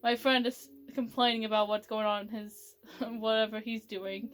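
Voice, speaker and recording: A woman's voice: a little high, little pitch movement, a bit bright, faint music behind. Giggly woman reading a story aloud. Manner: giggly, halting, swears casually. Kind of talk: casual read-aloud of fan fiction.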